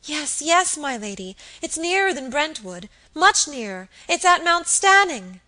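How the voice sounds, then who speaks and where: Frantic sobbing young maid, put on by a woman reader: high, shrill, pleading at full volume. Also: lively intonation, moderate pace. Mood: panicked. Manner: frantic, high and loud, breaking into sobs.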